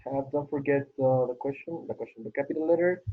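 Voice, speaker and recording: A man runs an online English class, going through the exercises and patiently praising again and again in a fast, mid-range voice. The recording is tinny, phone-like video-call audio.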